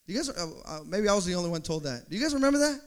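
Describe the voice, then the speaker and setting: A man preaching a sermon as pastor, animated, acting out quotes and building to shouts. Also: high voice, very fast, clean tone.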